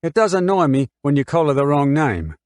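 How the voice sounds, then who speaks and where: A man's voice: fairly high pitch, very animated, fairly quick, no room sound, pitched above the performer's own voice. A man voicing an indignant, scornful mother on the stand. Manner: indignant, precise, argumentative. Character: woman, a mother on the witness stand, firm and scornful.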